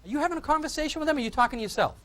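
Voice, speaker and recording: A man from Boston with a Boston accent, giving a fast, joking presentation at a conference and commanding the crowd. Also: very high voice, animated, fairly bright tone. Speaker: conference speaker. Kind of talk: energetic presentation to an audience. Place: conference hall.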